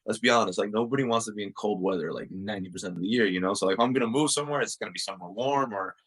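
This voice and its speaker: Young male podcast guest, low raspy voice, loose rambling storyteller full of fillers. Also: rapid-fire, a bit bright, rough recording. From Uruguay and the United States. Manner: fills speech with "like" and "you know". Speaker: podcast guest, soccer player. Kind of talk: casual storytelling interview.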